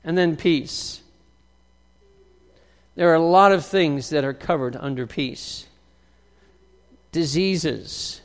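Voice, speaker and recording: A man delivers an emphatic sermon in a high, ringing voice. His delivery surges loud and then sinks to near quiet. The sound trails off in the long reverb of a large church hall. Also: smooth. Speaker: pastor.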